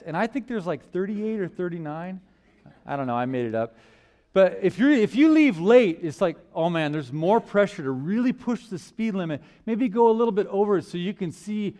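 A slightly high-voiced male preacher delivers an emphatic sermon in church, asking rhetorical questions. His volume ranges from loud stress down to near murmurs.

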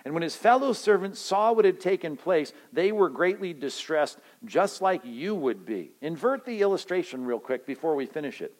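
A man's voice: fairly high pitch, very animated, normal speed, few pauses, rough recording. Joking man preaching a sermon. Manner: conversational and joking, acting out everyday scenes. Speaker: pastor. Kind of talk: sermon at a retreat.

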